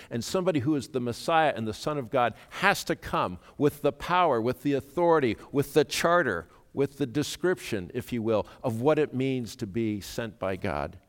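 A man preaching a sermon, speaking earnestly and rising to sudden loud emphasis when he quotes. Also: mid-range voice. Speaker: pastor. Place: church sanctuary. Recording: reverberant church hall.

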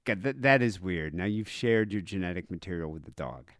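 An American man co-hosting a crude comedy podcast, joking and animated, dropping "like" often. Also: sits low, a little fast, no echo, studio quality. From United States. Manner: animated, jokey, says "like" often. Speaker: podcast co-host.

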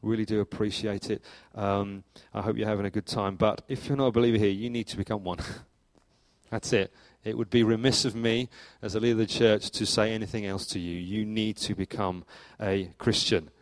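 Animated male preacher, dry close sound. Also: fairly quick, no echo. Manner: animated storytelling, acts out anecdotes with jumps in pitch and volume. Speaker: pastor. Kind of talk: sermon.

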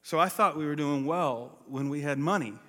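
Man, pastor, sermon storytelling, slightly high voice, acts out quoted voices, long hall reverb. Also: moderate pace, pushed and bright.

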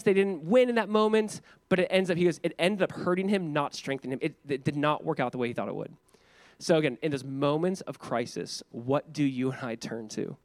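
A young adult man preaching a sermon in a conversational, animated way, acting out the voices in the scripture he reads. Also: on the high side, no room sound. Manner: conversational, animated, acts out quotes. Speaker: pastor.

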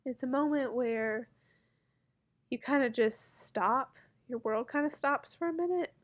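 Emotional woman vlogger, slightly high voice. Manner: halting, heartfelt, many pauses and fillers. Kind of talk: personal story told to camera.

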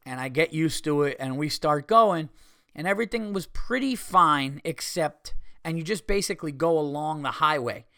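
A man's voice: a little high, expressive, moderate pace, pushed and bright, no room sound, studio quality. A man hosting a podcast, telling a story casually and animatedly, swearing, acting out what people said and making sound effects. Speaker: podcast host and comedian.

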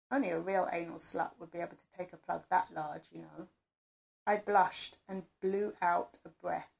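A woman narrating an intimate first-person audio story in a soft, close, breathy storytelling manner. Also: on the low side, steady tone, moderate pace.

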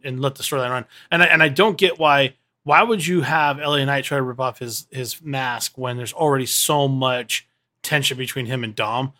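A man with a bright, forceful voice co-hosts a casual wrestling podcast. He talks in animated bursts, restarts his sentences and slips into mocking quoted voices. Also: mid-range voice. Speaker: podcast co-host.

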